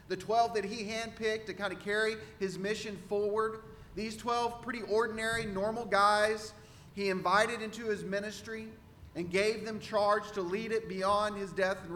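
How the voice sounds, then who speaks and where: A man's voice: high-pitched, pushed and bright, big-room sound, slight background noise. A man from Central Texas with a Texan accent, preaching a sermon as pastor in a conversational way, repeating rhetorical questions. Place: church sanctuary.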